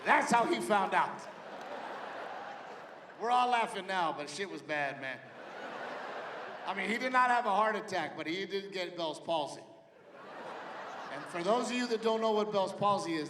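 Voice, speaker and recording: A middle-aged man working a live stand-up set, brash and profane, voicing the people in his stories as he goes. His voice sits high for a man. It rings through a big hall with long reverb and the clear noise of the crowd. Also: expressive, normal speed, long pauses. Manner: brash, profane storytelling with acted-out quotes. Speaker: stand-up comedian. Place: large theater stage with a live audience.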